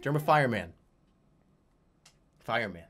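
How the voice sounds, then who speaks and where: A man's voice: medium pitch, unhurried, slight background noise. A young man reviewing his viewers' emotes, rambling and joking, stumbling over his words and swearing. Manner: rambling, animated, swears, slips into silly voices. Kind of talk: casual comedic commentary.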